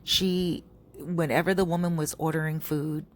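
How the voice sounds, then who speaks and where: A woman's voice: low-pitched, fairly even intonation, normal speed. A woman telling a gossipy story in a casual, chatty way, often stopping to correct herself and filling gaps with "um" and "like". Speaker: storyteller vlogger.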